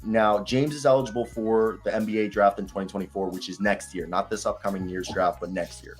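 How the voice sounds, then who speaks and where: Young male sports host, low voice, loose and profane, faint music under. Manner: excitable, swears freely, quick laughs. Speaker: co-host of a basketball show. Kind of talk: casual sports talk, reading news aloud.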